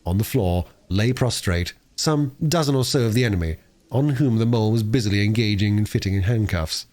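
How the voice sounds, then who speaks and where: A man reading a classic novel aloud in an expressive, lively storytelling manner, with the odd small slip. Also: fairly low pitch, a little fast. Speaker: audiobook reader.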